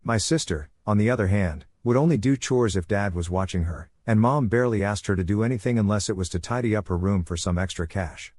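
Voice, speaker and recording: Low-voiced man narrating a story. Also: fairly quick, hardly any pauses, a little mellow, dry recording, clean studio sound. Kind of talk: scripted narration.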